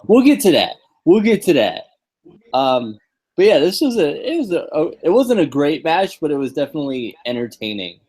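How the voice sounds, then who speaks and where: A man's voice: on the high side, very animated, normal speed, a little mellow, poor audio. Rambling man on a podcast. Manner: rambling, hesitant, many restarts and fillers. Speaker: podcast co-host. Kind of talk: casual chat recapping a wrestling show.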